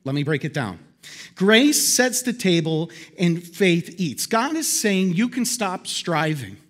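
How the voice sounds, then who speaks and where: A pastor preaching a sermon to his congregation in a lively, conversational way. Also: slow. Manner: animated, conversational preaching with big swings in pitch. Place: church hall before a congregation.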